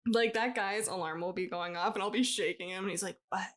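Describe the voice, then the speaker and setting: A woman's voice: medium pitch, fast talker, fairly bright tone. A woman co-hosting a podcast, reading a ghost story in a loose, chatty way and often breaking into laughter. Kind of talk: casual podcast chat, reading a written story.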